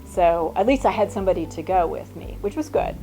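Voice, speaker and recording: An older woman and mother telling travel stories in a chatty, animated way, with many restarts. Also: fairly low pitch, a little fast, creaky, soft background music. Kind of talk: casual storytelling.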